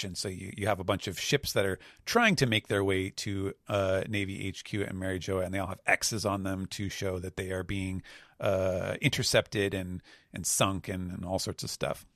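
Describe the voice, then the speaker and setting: A man with a low, gravelly, bright-edged voice, chatting casually as a podcast co-host. He rambles through a recap, full of "uh"s. The recording is dry and close. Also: fairly even intonation, moderate pace, dry recording. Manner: rambling, with many fillers, and laughs at his own jokes. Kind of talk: casual chat, recapping a comic chapter.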